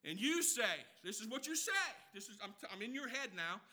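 A male pastor preaching with a very high, piercing, sharply bright voice. He swings from loud, emphatic declarations to hushed, low asides. He counts off his points one by one and puts questions straight to the congregation. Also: very animated, brisk. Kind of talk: sermon.

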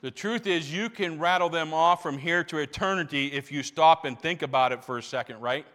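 A male pastor preaching a sermon, animated, stumbling over restarts as he builds his points. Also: fairly high pitch, brisk, in a large hall.

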